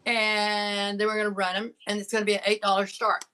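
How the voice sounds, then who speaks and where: A woman's voice: medium pitch, level tone, a little fast, sharp tone, a little hiss or hum, low-quality recording. A woman hosting a live sale. She chats casually, laughs often and shows items one by one.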